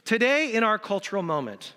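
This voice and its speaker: A male pastor preaching an Easter sermon in a church, animated and acting out quotes in different voices. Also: high-pitched, brisk, clear, resonant tone. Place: church sanctuary. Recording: reverberant church hall.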